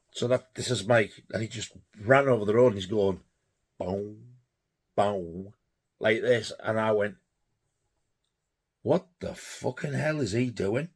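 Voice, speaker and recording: A man telling a rambling, laughing anecdote on his vlog, swearing freely. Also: medium pitch. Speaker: vlogger.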